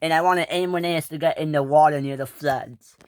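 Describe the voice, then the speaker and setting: A woman's voice: low voice, fairly even intonation, fairly quick, no room sound. A woman narrating an improvised toy train story in a breathless, stumbling way.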